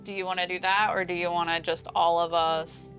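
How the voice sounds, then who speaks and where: A woman playing a tabletop game, planning with others and quick to agree. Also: lowish voice, flat delivery, music in the background. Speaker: player. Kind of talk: casual tabletop chat.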